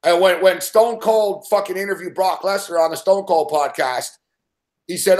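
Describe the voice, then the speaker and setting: Swearing constantly, a show regular spins a rambling story in casual conversation, acting out growls and laughs as he goes. He speaks at a moderate pace in a high-pitched, slightly mellow voice.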